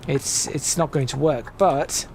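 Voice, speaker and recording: A man's voice: on the high side, a little slow, noisy background. A young man chatting casually as he plays and narrates a driving game, rambling and correcting himself often, with game sounds behind him. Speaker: gaming channel host. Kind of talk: casual gameplay commentary.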